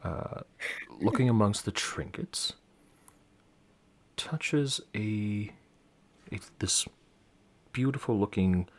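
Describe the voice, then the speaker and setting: A man's voice: lowish voice, takes it slowly, long pauses. A man narrating as game master of a tabletop game, rambling with many fillers and restarts.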